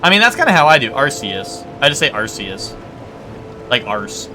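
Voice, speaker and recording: A man with a medium-pitched voice and big pitch swings talks fairly quickly while gaming on stream, over background noise. He chats casually, rambling, self-correcting and playfully arguing with his audience.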